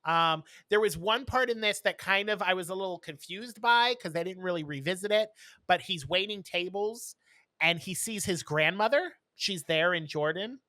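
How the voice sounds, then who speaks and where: A man's voice: sits high, normal speed, bright, forceful tone, dry recording, clean studio sound. A man co-hosting a podcast, casually retelling a TV episode in a rambling way with many fillers. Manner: rambling, lots of ums and uhs. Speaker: podcast co-host. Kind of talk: casual chat, recapping an episode.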